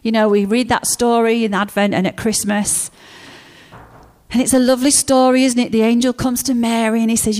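A woman preaching a sermon, telling stories in a lively way and acting out the characters. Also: on the high side, a little fast.

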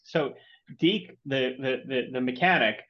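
A man's voice: mid-range voice, unhurried. Hesitant man on a dull, lo-fi line. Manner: hesitant, many restarts and fillers, thoughtful. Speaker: podcast guest. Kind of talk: casual movie discussion. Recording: dull lo-fi sound.

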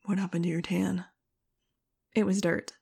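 A woman voicing a quiet, reserved teenage boy who speaks softly and low in a storybook reading. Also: flat delivery, moderate pace, gravelly, husky. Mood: teasing. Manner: soft, low, half-whispered.

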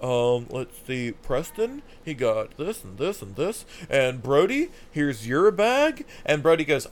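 A man's voice: mid-range voice, very animated, takes it slowly, hardly any pauses. A young man casually telling a funny, profane story on a podcast, laughing often. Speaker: podcast host.

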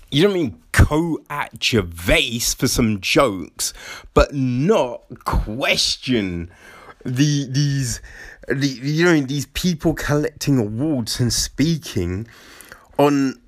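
A man giving a casual, sweary opinion monologue, animated and mocking. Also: medium pitch, no room sound.

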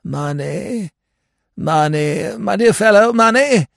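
A man's voice: high voice, animated, slow pace, vocal fry, fairly bright tone, no room sound, studio quality, voice pushed up, exaggerated voice. A man voicing a vague, absent-minded elderly male aristocrat who rambles and trails off.

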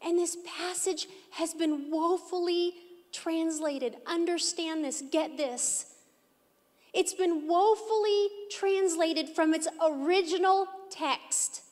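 A woman's voice: very high-pitched, slow, a little mellow. A woman pastor preaching an emphatic, earnest sermon in a church hall. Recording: echoey hall.

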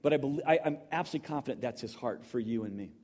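A man's voice: medium pitch, expressive, very fast, a little mellow. A middle-aged man preaching in a conversational, emotional storytelling manner, full of restarts. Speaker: pastor. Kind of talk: sermon.

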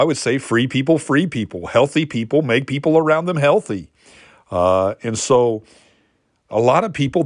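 A man's voice: medium pitch, no room sound, clean studio sound. A man preaching a sermon in an earnest teaching manner, lifting his voice to drive points home. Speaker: pastor.

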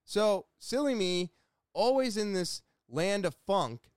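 A man's voice: sits high, lively intonation, slow pace, clear, resonant tone, no room sound, clean studio sound. A man talking in a rambling, earnest, self-deprecating way in a casual video chat from a small room at home. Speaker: vlogger.

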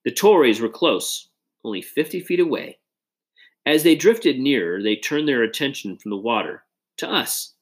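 A man reading a children's adventure story aloud in an expressive, dramatic way. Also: mid-range voice, normal speed. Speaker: audiobook reader. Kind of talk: storybook narration.

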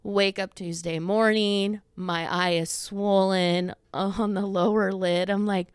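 A podcast host in her thirties takes things slowly in a smooth, medium-pitched voice with fairly even intonation. She's a little out of breath, rambling casually with fillers and quoted asides, recorded at studio quality with no room sound.

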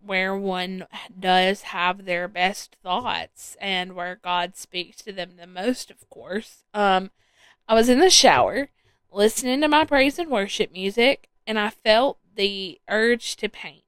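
A woman's voice: medium pitch, slow, hardly any pauses, fairly bright tone, clear, resonant tone, no echo. A woman hosting her own podcast solo, chatting casually and rambling with plenty of ums and restarts. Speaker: podcast host. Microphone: headphones with a podcast mic.

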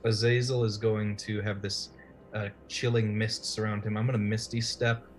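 A man's voice: fairly low pitch, flat delivery, moderate pace, faint music behind. A man playing in a tabletop game, describing his character's actions with many fillers. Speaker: player. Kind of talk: casual tabletop play.

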